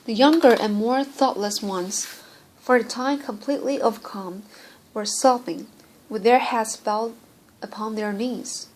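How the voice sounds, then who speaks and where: A woman narrating an audiobook in a steady reading voice that often stumbles and restarts words. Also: a little high, measured pace, slight background noise, low-quality recording. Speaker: audiobook reader.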